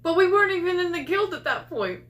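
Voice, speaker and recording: A woman's voice: very high voice, lively intonation, fast talker, a bit bright. A woman playing a tabletop role-playing game, chatting casually and laughing with her group. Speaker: player.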